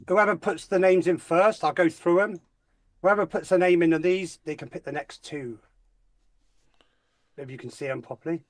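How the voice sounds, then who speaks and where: A man's voice: on the high side, no echo, studio quality. A man with a Northern English accent, co-hosting a casual show, teasing the others and running a viewer game. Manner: brash, teasing, swearing. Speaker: co-host running the chat game. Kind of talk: casual banter.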